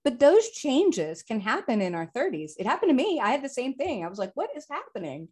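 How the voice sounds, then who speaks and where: A woman hosting a podcast, chatting frankly and telling lively personal stories. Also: sits high, brisk. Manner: frank, animated storyteller. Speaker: podcast host. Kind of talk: casual podcast conversation.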